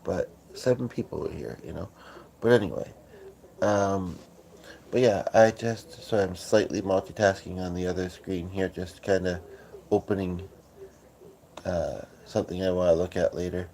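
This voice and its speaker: A man hosting a casual livestream from his couch, talking in a groggy morning voice with many halting fillers and restarts. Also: sits low, fairly even intonation, vocal fry, dark tone, a little hiss or hum. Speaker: livestream host. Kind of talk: casual rambling livestream chat. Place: at home on a couch.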